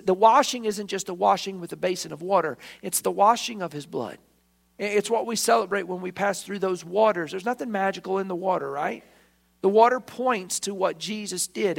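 A man's voice: high voice, creaky, fairly bright tone. A man preaching a sermon as pastor, emphatic, acting out the quoted voices.

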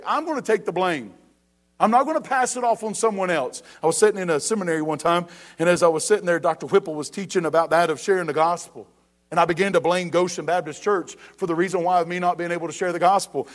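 Preaching to his congregation, this high-voiced, middle-aged pastor builds to a loud, emphatic delivery on questions he asks again and again.

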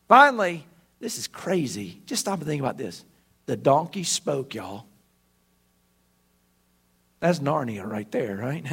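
High-voiced preacher. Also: male voice. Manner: animated storytelling, acting out the characters. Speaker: pastor. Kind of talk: sermon.

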